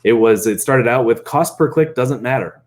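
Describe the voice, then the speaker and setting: A man coaching on marketing in a casual, animated way, laughing often and acting out quoted chats. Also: medium pitch, moderate pace. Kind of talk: casual explainer.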